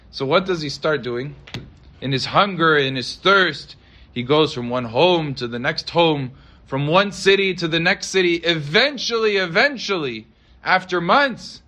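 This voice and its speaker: A rabbi telling a story in a dramatic sermon, acting out the voices of the people in it. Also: male voice, high-pitched, sharp tone.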